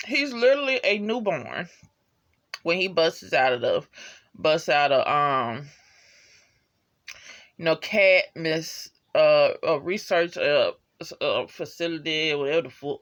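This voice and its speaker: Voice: medium pitch, a bit bright. A vlogger reviewing a TV episode in casual, slangy chat that wanders and swears freely, with many "you know" asides and laughs at favorite moments. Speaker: TV show reviewer.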